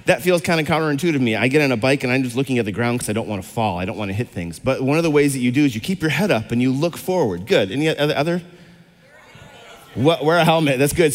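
A man's voice: medium pitch, long reverb tail. A middle-aged man preaching a casual, interactive sermon to a congregation, chatty and rambling, full of fillers and questions to the crowd. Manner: chatty, rambling, lots of fillers and restarts, asks the audience questions. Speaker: pastor. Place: church hall before a congregation.

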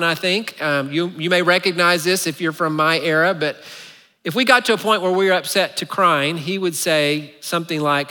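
A man's voice: a little high, bright, forceful tone. A male pastor giving a conversational sermon, earnest, with wry asides, in a church sanctuary. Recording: echoey hall reverb.

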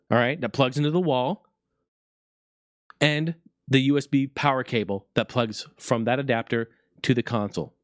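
Excitable, foul-mouthed man ranting dry. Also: a little high, no echo. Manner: profane, excitable, talks straight to viewers. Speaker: gaming video creator. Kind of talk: excited casual rant to camera.

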